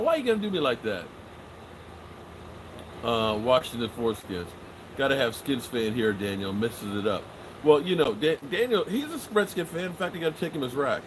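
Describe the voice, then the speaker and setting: A middle-aged man with a mid-range voice hosts a sports live stream, joking loosely and casually as he answers the chat. He's animated, swears, and often trails off, with slight background noise in the recording.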